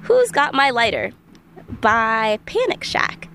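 High-voiced joking woman radio host. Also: very animated, slow pace, fairly bright tone, a little hiss or hum. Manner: joking, sarcastic banter. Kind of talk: casual radio chat.

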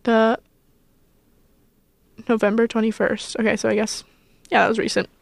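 A woman's voice: fairly high pitch, little pitch movement, moderate pace, gravelly, no room sound. A young woman in her twenties hosting a college radio show, chatting casually and self-consciously, with lots of rambling and fillers. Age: 20s. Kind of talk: casual on-air chat.

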